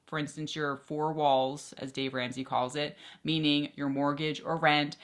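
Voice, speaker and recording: A woman giving chatty, excitable budgeting advice straight to her viewers as a personal finance vlogger. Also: low voice. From Philadelphia area. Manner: chatty, excitable, quick asides. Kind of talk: casual talk to camera.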